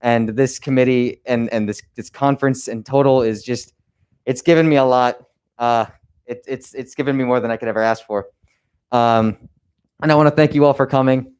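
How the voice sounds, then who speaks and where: A young man as conference organizer, giving a closing ceremony speech in an earnest, halting way with many restarts. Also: mid-range voice, fairly even intonation, a little mellow, smooth. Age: young adult.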